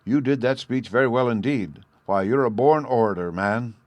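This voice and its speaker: A man voicing a thin, crafty, suspicious male sub-warden who speaks in a sly, flattering way, in an audiobook reading. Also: mid-range voice, moderate pace, no echo, close to an everyday voice.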